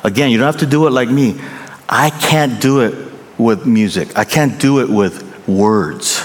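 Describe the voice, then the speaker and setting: A middle-aged male pastor preaching a sermon, animated and emphatic, repeating phrases for effect. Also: medium pitch, unhurried. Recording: long reverb in large hall.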